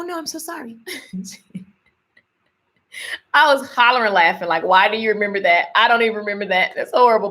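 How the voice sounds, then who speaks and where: A young woman hosting a casual live stream, speaking straight to her viewers with lots of laughs and folksy phrasing. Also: fairly high pitch. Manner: lively, talks straight to viewers, laughs often; folksy Southern-style phrasing, y'all and honey. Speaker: host of a live faith and business talk.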